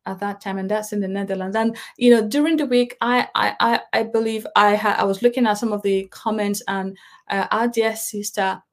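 A woman's voice: medium pitch, flat delivery, a little fast. Earnest woman leading prayer. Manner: earnest, rising on key words then dropping soft. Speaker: prayer leader. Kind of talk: prayer and sermon.

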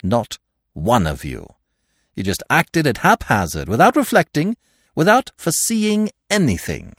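Brief: narrator voicing a smug gentleman thief, raised and lively voice, crowing and mocking, storybook read. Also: mid-range voice, unhurried, dry recording, studio quality, voice pushed up, full character voice. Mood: gloating. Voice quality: taunting, theatrical, gleeful. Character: sly, mocking gentleman thief, adult man. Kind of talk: storybook reading.

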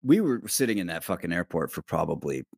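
A man's voice: deep voice, very animated, brisk, creaky, darkish tone, breathy edge, dry recording, clean studio sound. A man, a documentary producer guest, telling a loose travel story with fillers and swearing. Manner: loose, profane, many fillers. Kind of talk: casual storytelling chat.

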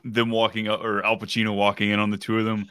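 A man's voice: fairly low pitch, completely flat delivery, fast talker, a bit bright. A man co-hosting a casual movie podcast, laid-back, quoting scenes in silly voices. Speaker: podcast co-host.

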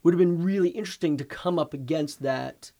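Opinionated co-host, mid-pitched, speaks bluntly and thinks aloud. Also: a little fast, mellow. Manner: opinionated, blunt, swears casually. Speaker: podcast co-host. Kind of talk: casual chat about movies.

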